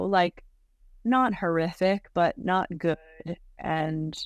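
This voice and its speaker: Her voice sits low and smooth, captured cleanly in a studio with no room sound. She's a podcast guest in her thirties sharing her story conversationally, peppered with "like" and "um" and frequent little laughs.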